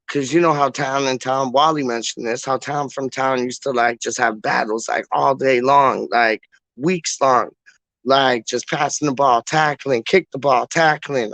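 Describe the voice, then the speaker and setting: A man's voice: mid-range voice, fairly bright tone, dry recording. A man hosting a fan-channel livestream, chatting casually to viewers in a slangy, repetitive, playful way. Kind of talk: casual rambling chat to viewers.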